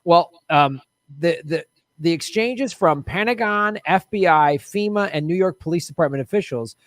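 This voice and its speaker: A man's voice: a little high, moderate pace, no room sound, clean studio sound. A man co-hosting a casual political comedy chat, playful and chatty, often laughing. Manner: playful, laughing, slips into joke accents. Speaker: co-host.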